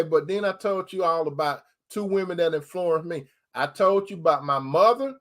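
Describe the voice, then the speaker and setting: Male preacher with a high voice, folksy and direct, chatty streaming sermon. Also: a bit bright. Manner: folksy, repeats phrases for emphasis, addresses listeners directly. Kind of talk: informal preaching to an online audience.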